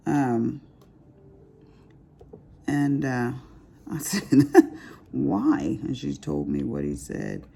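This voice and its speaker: A woman's voice: extremely low pitch, sing-song, extremely slow, vocal fry, long pauses, dark tone, breathy edge. A middle-aged woman, chatting casually and expressively to her viewers while she crafts, calling them honey. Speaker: diamond painting vlogger.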